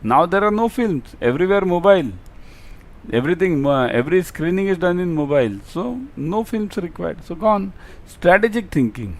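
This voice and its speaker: A man's voice: high-pitched, expressive, moderate pace. A man teaching an online exam-prep class, asking rhetorical questions and repeating key terms.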